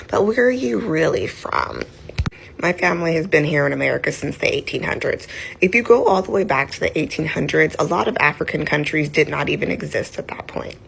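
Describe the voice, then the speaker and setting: A woman's voice: low-pitched, creaky, a little hiss or hum, rough recording. A woman giving earnest, explanatory vlog commentary in a casual tone.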